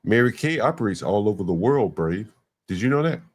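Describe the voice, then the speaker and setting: A man's voice: fairly low pitch, expressive, brisk. A man hosting a casual livestream chat, talking emphatically and repeating words to stress his point. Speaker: livestream host.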